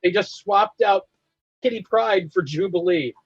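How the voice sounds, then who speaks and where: Mid-pitched voice, playful trivia banter, dry dull lo-fi sound. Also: a little slow, slightly rough, dry recording. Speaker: co-host. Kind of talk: casual live-stream chat.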